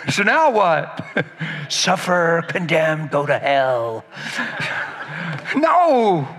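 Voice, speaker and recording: Bright-voiced, animated male preacher. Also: high voice, big-room sound. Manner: animated, acts out quoted voices, laughs often. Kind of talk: sermon.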